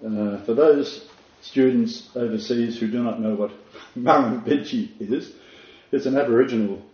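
A man's voice: medium pitch, dark tone. Emphatic man teaching in a roomy space. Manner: emphatic, repeats key words, reads quotes slowly. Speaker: Bible teacher. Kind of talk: teaching talk, reading quotes aloud. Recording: roomy, slightly dull sound.

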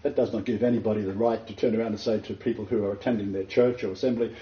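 A man preaching a sermon as pastor, animated and emphatic, often breaking into laughter. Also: mid-range voice, quick pace, few pauses, roomy sound, muffled recording.

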